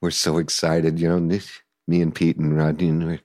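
An older man telling stories in a casual interview, animated and acting out voices and sounds. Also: deep voice, fairly quick, dry recording, clean studio sound. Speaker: guest musician recalling the past.

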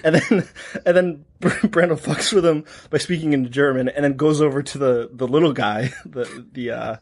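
Мужчина с хрипловатым голосом, непринуждённая болтовня. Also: male voice, mid-range voice, moderate pace. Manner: rambling storyteller, laughs often. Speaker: podcast co-host. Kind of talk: casual chat.

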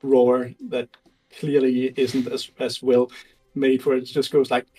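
A man narrating as game master of a tabletop game, animated and laughing often, halting with fillers. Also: medium pitch, breathy edge, faint music behind, poor audio.

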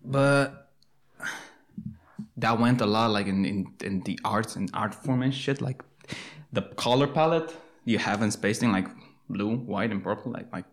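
A man's voice: on the low side, a little slow. A man with an Eastern European accent, not a native English speaker, co-hosting a casual podcast, dry and rambling, sometimes searching for words. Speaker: podcast co-host.

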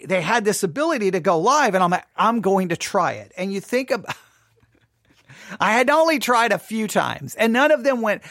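A man's voice: high-pitched, fairly bright tone, dry recording. A man hosting a live podcast from his studio, telling a self-deprecating story in a chatty way, often asking "right?". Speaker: podcast host. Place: home studio.

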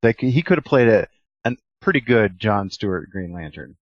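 A man co-hosting a podcast in casual chat, joking and quick to laugh. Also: on the low side, sing-song, dry recording, dull audio. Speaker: podcast co-host.

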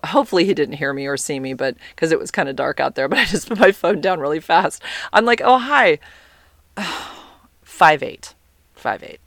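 A woman's voice: low voice, a bit bright, dry recording. A woman spins a long personal story in a loose, rambling way. She swears freely, often restarts mid-sentence and slips into the voices of the people she quotes. The sound is close and dry, with no room around her.

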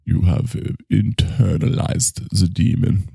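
A man voicing a solemn male doctor with a clumsy German accent, halting and full of fillers. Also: deep voice, creaky, dark tone, husky, no echo, clean studio sound, full character voice.

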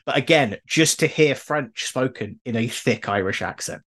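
A man's voice: medium pitch, moderate pace, fairly bright tone. A man co-hosting a podcast, telling stories with enthusiasm and a few hesitant restarts. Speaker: podcast co-host. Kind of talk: casual chat.

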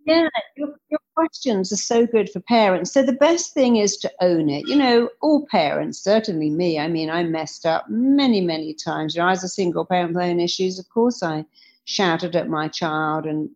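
A woman's voice: medium pitch, darkish tone. Earnest woman telling stories. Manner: earnest, storytelling, acts out quoted dialogue. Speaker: guest therapist. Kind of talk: podcast interview answer. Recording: slightly dull lo-fi audio.

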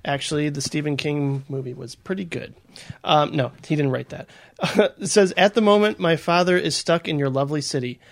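A man co-hosting a relaxed podcast, his voice sitting fairly high for a man. He reads listener mail aloud, breaking off into laughing asides. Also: moderate pace, creaky. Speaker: podcast co-host. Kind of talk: casual chat.

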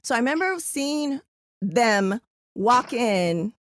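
A woman co-hosting a casual podcast chat, animated and emotional as she reads out messages. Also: on the high side, slow. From Southern California. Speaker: podcast co-host.

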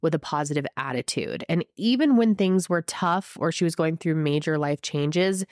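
Hosting a true crime show to camera, a young woman with a head cold sounds scratchy and congested in her low, darkish voice. She lays out the case at normal speed with lively intonation, emphatic chatty asides, and fired-up indignation. The recording is close and dry, with no echo.

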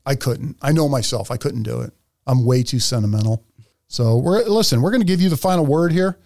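A man's voice: medium pitch, animated, brisk, a little mellow, no room sound, clean studio sound. A man hosting a podcast, joking and swearing loosely in casual chat. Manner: profane, joking, brash. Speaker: podcast host.

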